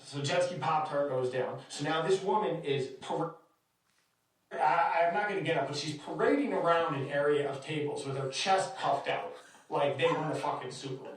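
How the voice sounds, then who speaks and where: A man hosting a podcast, telling a story in a casual, heavily profane, exasperated way. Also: a little high. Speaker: podcast host. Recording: echoey room, distant mic.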